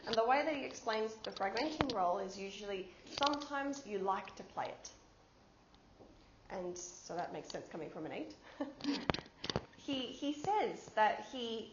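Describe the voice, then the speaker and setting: A woman presenting at a conference workshop, explaining ideas through everyday examples and giving the audience instructions. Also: a little high. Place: conference room. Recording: echoey room, dull sound, background noise.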